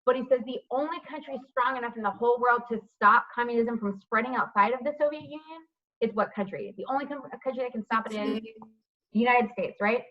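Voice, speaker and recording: A woman whose voice is a little high lectures a history class online and talks fast. Calling on students by name, she asks questions and checks with "right?", recorded lo-fi through a computer mic on the video call.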